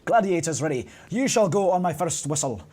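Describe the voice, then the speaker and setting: A man's voice: on the high side, big pitch swings, fairly quick, a little mellow. A man putting on an angry Scottish referee. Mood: commanding. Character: gruff Scottish male games referee, angry.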